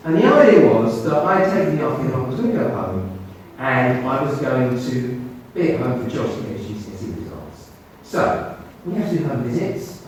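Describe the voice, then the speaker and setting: Male doctor, storyteller, very expressive, distant mic in a big echoey room. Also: a little hiss or hum. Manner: animated, swings his pitch when quoting others. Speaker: doctor giving a talk. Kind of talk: storytelling talk to an audience. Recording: roomy hall, mic at a distance.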